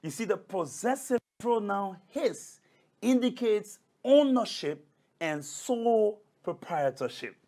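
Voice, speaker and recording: A man's voice: sits high, animated, slow, warm tone. A male pastor preaching a sermon, emphatic and repetitive, addressing listeners as brothers and sisters. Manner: emphatic, repeats key phrases.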